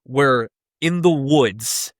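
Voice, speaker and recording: A young man in his twenties, co-hosting a podcast and telling a story in casual chat, laughing often and jumping into a high voice for the people he quotes. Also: extremely slow, no room sound, studio quality. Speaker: podcast co-host.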